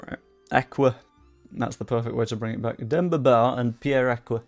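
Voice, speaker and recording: A young man talks his way through a game livestream at his desk mic, swearing freely and reacting loudly to each moment. His voice sits in a middle pitch with a rough, gravelly edge. Faint music plays underneath. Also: steady tone, normal speed. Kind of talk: casual livestream commentary while playing. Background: faint background music.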